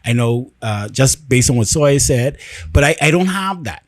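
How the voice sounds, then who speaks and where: A man hosting a casual podcast, talking with animated, emphatic storytelling and frequent restarts. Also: medium pitch, moderate pace, no echo. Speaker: podcast host.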